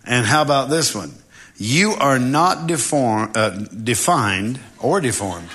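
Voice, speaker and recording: A man preaching a sermon in a lively, humorous way, often acting out voices. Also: medium pitch, takes it slowly, breathy edge. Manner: animated, humorous, acts out voices.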